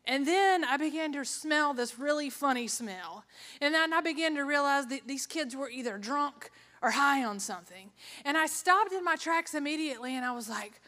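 A woman's voice: sits high, animated, normal speed, pushed and bright. A woman giving an earnest personal testimony, telling her story with quoted asides in an echoey hall.

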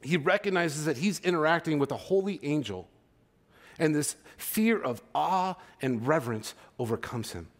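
A man's voice: fairly high pitch, lively intonation, moderate pace. A man in his thirties preaching a sermon as pastor, in a casual, conversational way that keeps checking in with his listeners. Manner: conversational, checks in with "okay?" and "right?".

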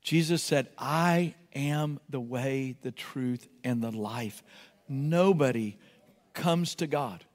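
A man preaching a sermon with passion, rising to shouted cries and then dropping to quiet asides. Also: medium pitch, slow pace, long reverb tail. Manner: impassioned, builds to shouted cries, self-correcting asides. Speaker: pastor.

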